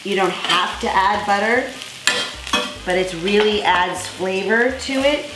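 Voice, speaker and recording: A woman's voice: medium pitch, takes it slowly, roomy sound, noisy background. A woman hosting a cooking demonstration in a kitchen, talking viewers through each step in an effusive, enthusiastic, chatty way. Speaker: cooking show host.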